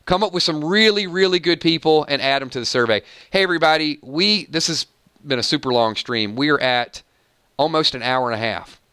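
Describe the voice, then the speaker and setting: A man's voice: fairly high pitch, a little fast, clean tone, dry recording, clean studio sound. A man hosting a casual live stream, playfully singing song snippets between chat with viewers. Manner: sings snippets of songs, playful and animated. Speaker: livestream host.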